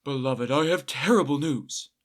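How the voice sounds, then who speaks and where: A man's voice: medium pitch, moderate pace, lightly acted. A man voicing a cunning peasant husband in a folktale, speaking with mock-dramatic solemnity. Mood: urgent. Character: scheming, wily peasant husband feigning gravity.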